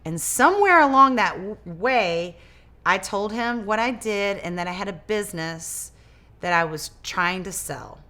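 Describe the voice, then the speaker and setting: Bright, animated woman telling a story. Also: mid-range voice, unhurried. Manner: animated, acts out quoted dialogue; repeats and restarts words. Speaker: interview guest, business owner. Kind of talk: casual storytelling interview.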